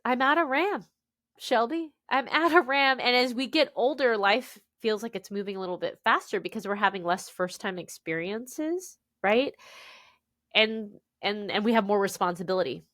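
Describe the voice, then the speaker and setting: A woman's voice: fairly high pitch, normal speed, no room sound, studio quality. A woman author as a podcast guest, telling her story candidly and animatedly, often tagging lines with "right?". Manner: animated, peppers speech with "right?" and "dude".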